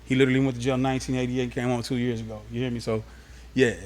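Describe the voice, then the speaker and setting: A man from Los Angeles sits as an interview guest and tells stories of his youth in a relaxed, streetwise way. His voice sits at an ordinary middle pitch. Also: rapid-fire. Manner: animated, streetwise storytelling. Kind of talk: casual storytelling interview.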